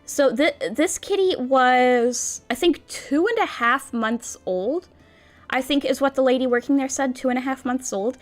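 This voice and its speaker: A woman's voice: sits high, a little slow. A woman streamer chatting casually with her viewers in a bubbly, cutesy, rambling way. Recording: faint background music.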